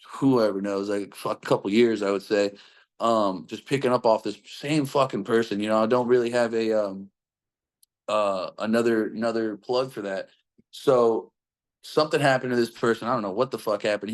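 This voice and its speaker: A man's voice: lowish voice, steady tone, normal speed. Young man swearing through a rambling story. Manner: rambling, heavy swearing, frequent fillers. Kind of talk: casual personal storytelling.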